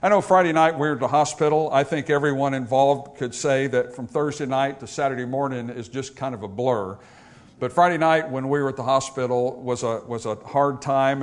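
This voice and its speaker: A pastor giving a funeral sermon, telling a story and explaining scripture in a conversational way. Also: male voice, mid-range voice.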